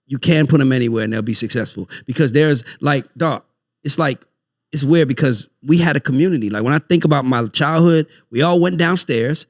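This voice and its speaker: A man's voice: mid-range voice, fairly quick. A man hosting a casual podcast, talking loosely with swearing and trailing filler. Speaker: podcast host.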